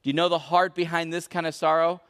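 A man preaching a sermon as pastor, questioning the congregation and swinging between loud emphasis and hushed intensity. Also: on the high side, level tone, fast, clear, resonant tone. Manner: questions the congregation and calls for answers. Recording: long reverb of a large hall.

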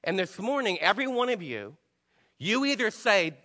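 A man's voice: high-pitched, expressive, normal speed, sharp tone, big-room sound. A man preaching a sermon to his church in an emphatic, conversational way, acting out quotes. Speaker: pastor.

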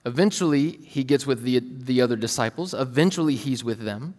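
A man in his thirties preaching a sermon in a relaxed, storytelling way, acting out voices from family anecdotes. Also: medium pitch, a little fast. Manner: casual, storytelling, acts out his kids' voices. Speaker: pastor. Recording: long hall reverb.

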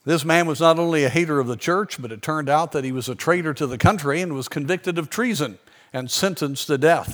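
A man delivers a sermon in a somewhat high voice. He tells his story earnestly and slows down to stress key points. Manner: earnest storytelling preaching, slowing for emphasis. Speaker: preacher.

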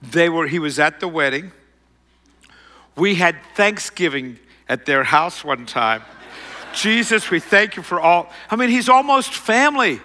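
A middle-aged man telling a self-mocking personal story to an audience, rambling and animated. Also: a little high, a little slow, long reverb tail.

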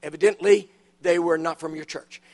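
A high-pitched man delivering a sermon in a church. He tells funny stories with timed punchlines and leans hard on the key words. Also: fairly even intonation, moderate pace, a little mellow. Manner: storytelling with dramatic punchlines, emphatic rises. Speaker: preacher. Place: church auditorium.

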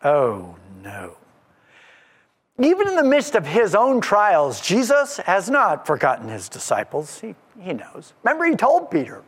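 A male preacher giving an expository sermon in a church, animated and emphatic, often repeating his points. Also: sits high, unhurried, husky, long reverb tail.

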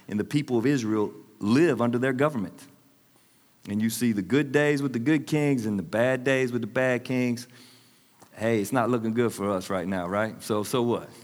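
A man's voice: on the high side, big-room sound. A man in his forties preaching a sermon, telling stories with humor and laughing often. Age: 40s. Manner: animated, storytelling with humor and laughs. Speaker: pastor. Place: church hall with congregation.

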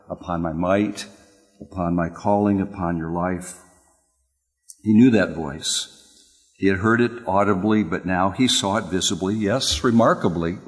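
A man preaching a sermon, swinging from loud, rising exclamations down to hushed, quiet passages. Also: low-pitched. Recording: long hall reverb.

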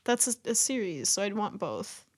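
A woman's voice: medium pitch, very animated, normal speed, slightly rough. A woman co-hosting a podcast in casual chat, giggling often and teasing her co-host.

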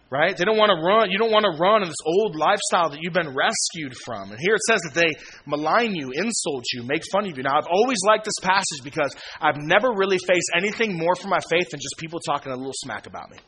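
A man in his thirties preaching a sermon in a relaxed, slangy way, acting out conversations with old friends. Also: a little high, fairly quick. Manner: casual, slangy, acts out quoted friends with laughs. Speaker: pastor.

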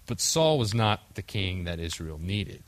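A man's voice: deep voice, sing-song, a little slow. A young man preaching a casual sermon, acting out the quoted voices of the story, with a few slips along the way. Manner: conversational, acts out quoted voices, occasional slips. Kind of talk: casual sermon with group discussion.

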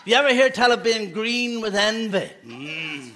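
A man's voice: sits high, big pitch swings, a little slow, pushed and bright. A man, a pastor giving a playful children's talk in a church service, asking the children questions. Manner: playful, asks children questions, laughs often.

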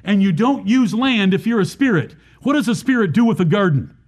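A high-pitched man preaching a Baptist sermon. He explains scripture verse by verse and keeps putting rhetorical questions to the congregation. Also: expressive, brisk, darkish tone.

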